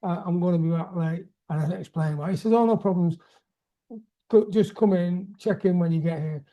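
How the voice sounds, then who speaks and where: A man's voice: high voice, normal speed, lo-fi sound. A man hosting a casual chat, telling a story in a hesitant way with many restarts. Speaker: host.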